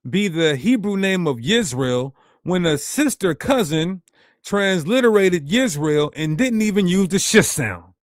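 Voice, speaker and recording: A man's voice: sits high, a bit bright, dry recording, studio quality. A man teaching a ministry presentation in an emphatic, rhetorical way, talking straight to his viewers.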